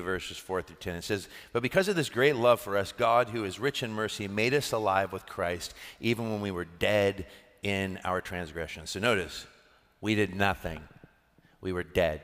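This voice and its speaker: Male pastor, lowish voice, earnest sermon that swells to passionate emphasis; reverberant sanctuary. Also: fairly bright tone. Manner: earnest preaching, rising to impassioned emphasis.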